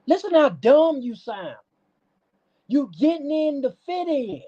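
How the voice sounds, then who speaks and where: A woman's voice: a little high, expressive, a little slow, a little mellow. A woman hosting a livestream, preaching at and scolding someone in a profane call-out rant. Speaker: stream host. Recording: dull lo-fi stream audio.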